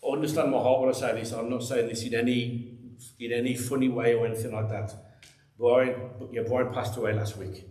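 A man's voice: mid-range voice, fairly even intonation, fairly quick, darkish tone. A man preaching a sermon to a church congregation, emphatic and conversational, with many repeated phrases. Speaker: pastor. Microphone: microphone. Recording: echoey church room.

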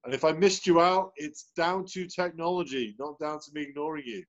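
A man's voice: fairly high pitch, fairly quick. A man hosting a sales team video call, chatting cheerfully and greeting people one by one. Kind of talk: upbeat motivational team call. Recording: dull lo-fi video call audio.

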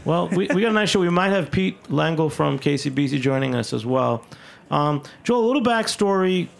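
A man's voice: on the high side, expressive, normal speed, gravelly. A man hosting a radio talk show in a studio, enthusiastic and rambling, often repeating himself. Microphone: studio microphone.

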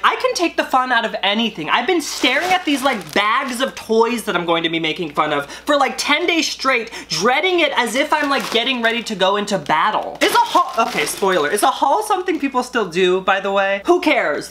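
A young man talking straight to the camera in a joking vlog. He rambles from tangent to tangent with a sarcastic edge, often slipping into quick put-on voices before carrying on. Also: high voice, bright, forceful tone. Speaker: YouTuber. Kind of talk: comedic vlog monologue.

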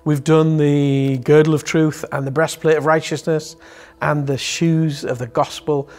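A man's voice: a little high, flat delivery, a little slow, darkish tone. A man giving an earnest, encouraging daily devotional sermon that ends in prayer. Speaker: devotional speaker.

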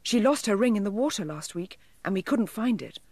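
An earnest, well-mannered little boy, played by a woman reading a storybook. His voice is lifted a little above hers, lively and slightly breathy. The sound is close and dry. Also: mid-range voice, fairly quick, no echo. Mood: kind. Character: polite, kind little boy.

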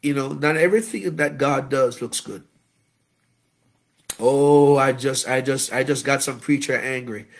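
A man, a bishop, preaches at a Bible study. He talks in an animated way, tells funny stories, and puts in frequent amens and shouts of praise. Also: mid-range voice, unhurried, gravelly. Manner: humorous, anecdotal. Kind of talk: sermon.

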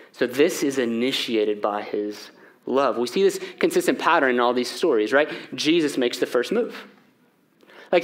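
A middle-aged man preaching a sermon as pastor in a church, talking conversationally and asking the room rhetorical questions. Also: medium pitch. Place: church sanctuary.

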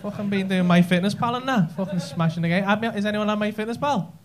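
A man's voice: high voice, quick pace. A man doing crowd work as a stand-up comedian on a club stage, crude and teasing, laughing through his jokes. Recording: live club recording with audience laughter and noise. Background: audience laughing.

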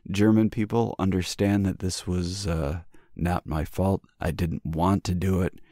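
A man's voice: deep voice, fairly even intonation, unhurried, mellow, dry recording, studio quality. A man hosting a podcast in casual chat, joking and swearing a lot. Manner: profane, joking. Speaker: podcast host.

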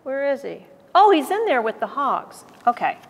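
A woman museum docent reading a picture book aloud to children in a gallery, pausing to explain words. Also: high voice, in a large hall, a little hiss or hum. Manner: animated, explains words to kids.

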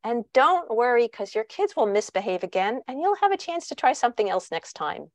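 A woman's voice: a little high, big pitch swings, a little fast, dry recording. A woman author speaking in an online talk, giving parenting advice with frequent restarts.

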